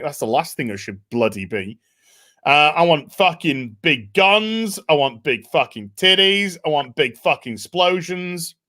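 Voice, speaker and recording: A British man hosting a casual live chat over a video call, excitable and sweary. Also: mid-range voice. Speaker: host.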